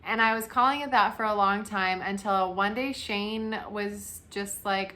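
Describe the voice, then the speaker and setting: A young woman in her twenties talks casually to her camera, chatty and self-mocking, often breaking into a laugh. Her voice has a bright, forward tone. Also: medium pitch, normal speed. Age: 20s. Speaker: plant vlogger.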